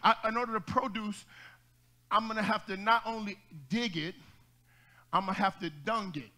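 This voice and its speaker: A pastor preaching to his congregation in a very high, ringing voice. He talks to the room in call-and-response style, builds into shouts, and drops in jokes, with a bright, forceful edge. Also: normal speed. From United States. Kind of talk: energetic Black church sermon. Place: church sanctuary with congregation.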